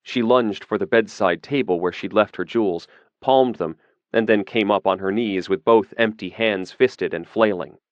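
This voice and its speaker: Low-voiced guy reading a fantasy audiobook, steady, kinda dull dry recording. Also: moderate pace, no echo. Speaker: audiobook narrator. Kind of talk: scripted fantasy narration.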